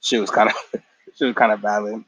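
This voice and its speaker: A man's voice: fairly low pitch, level tone, a little fast, a bit bright, slightly rough, dry recording, rough recording. Tired man giving a slangy, profane recap. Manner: slangy, profane, acts out characters' lines mid-story. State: tired after a work shift. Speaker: show recap vlogger. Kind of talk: casual episode recap.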